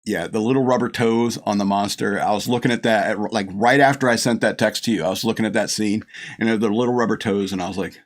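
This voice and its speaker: A middle-aged man hosts a podcast movie review that rambles and gushes, punctuated by laughter and acted-out lines. He's a fast talker with a fairly low, steady voice.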